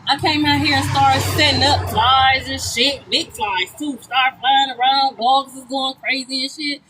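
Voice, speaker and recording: A woman's voice: sits high, steady tone, a little slow, over music, low-quality recording. Blunt, profane woman reading tarot. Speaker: tarot reader. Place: outdoors on a street. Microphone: phone livestream. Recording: outdoor street noise.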